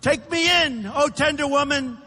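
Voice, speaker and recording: A man's voice: extremely high pitch, moderate pace, bright, forceful tone, long reverb tail. A man reciting a pleading broken snake. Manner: sighing, imploring refrain. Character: pleading, half-frozen male snake, sly. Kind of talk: dramatic poem recitation.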